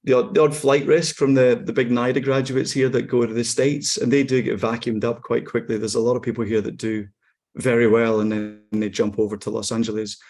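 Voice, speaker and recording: A Scottish actor in his forties, chatting in an interview in a relaxed, wry way with frequent ums and restarts. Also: mid-range voice, a little fast. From Scotland. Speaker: actor guest. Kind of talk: casual interview chat.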